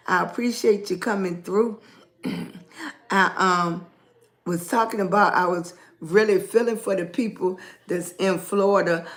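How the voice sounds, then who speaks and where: A hoarse, raspy-voiced woman hosting a casual livestream, greeting chat viewers by name as she chats. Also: on the low side. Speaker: livestream host.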